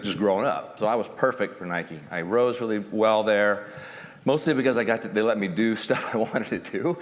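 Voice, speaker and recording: A middle-aged man telling the story of how he started his company, animated and joking, often acting out the voices of the people he quotes. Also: fairly low pitch. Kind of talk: storytelling talk to an audience. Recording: hall reverb.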